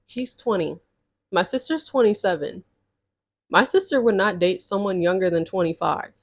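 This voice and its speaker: A young woman from California tells a storytime in a chatty, slangy, exasperated way. Her voice sits in a middle pitch, and the sound is dry with no room echo. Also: expressive, normal speed. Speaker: storytime vlogger. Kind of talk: casual storytime.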